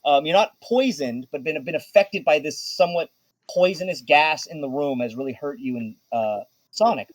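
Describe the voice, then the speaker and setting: Man game master, slightly high, hesitant narration in a dry room. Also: animated, normal speed, dry recording, rough recording. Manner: hesitant, many restarts.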